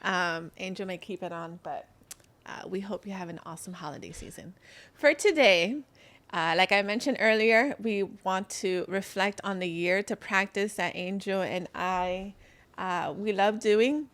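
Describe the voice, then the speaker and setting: A woman's voice: medium pitch, unhurried, fairly bright tone. Upbeat woman podcast co-host who keeps the conversation moving. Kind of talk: casual chat.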